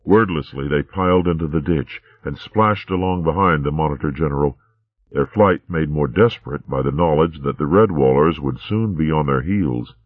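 A man narrating a storybook in a steady, measured way. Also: rumbling low, no echo. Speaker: audiobook narrator. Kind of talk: scripted narration. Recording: tinny narrow-band recording.

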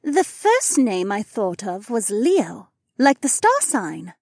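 A woman's voice: slow, dry recording, heavily acted. A woman voicing a cheery, chatty young woman in an audiobook. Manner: bubbly, high and excitable. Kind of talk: audiobook character voice.

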